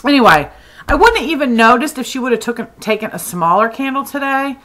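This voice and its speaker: A woman's voice: on the high side, a little fast, rough recording. A woman from Texas, chatting casually as she tells a story about her candle shop. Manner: chatty, animated retelling with many "like"s.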